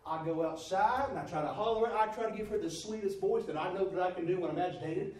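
Middle-aged preacher, high and animated, telling a folksy story; echoey room, a bit off-mic. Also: male voice, normal speed, recorded from a distance, a little hiss or hum. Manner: folksy, animated storytelling, rising to loud exclamations. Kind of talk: storytelling sermon.

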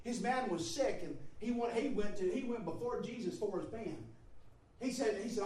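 A preacher giving a sermon in a church, moving between hushed asides and shouted exhortation. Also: medium pitch, animated, moderate pace, distant mic. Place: church sanctuary. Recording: echoey hall, voice from off-mic.

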